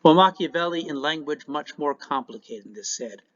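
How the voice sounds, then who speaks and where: A man teaching a recorded class lecture in an animated way, with joking asides. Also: on the high side, normal speed. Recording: dull lo-fi recording.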